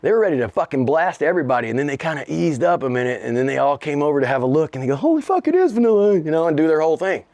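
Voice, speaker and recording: A man in his fifties from the United States, a rapper guest telling a story in an interview, profane and animated, acting out quotes and laughing often. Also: a little high, rapid-fire, few pauses, no room sound.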